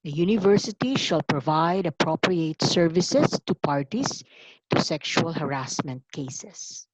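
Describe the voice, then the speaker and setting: A woman giving a formal orientation lecture, deliberate and emphatic, stressing key words. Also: low voice, lively intonation, dry recording, rough recording. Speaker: university anti-harassment office coordinator.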